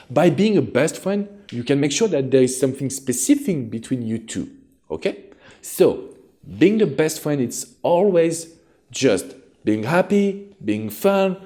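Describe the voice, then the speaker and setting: A man's voice: medium pitch, dark tone. A man with a French accent giving relationship advice directly to his viewers as a coach, in an earnest and encouraging way.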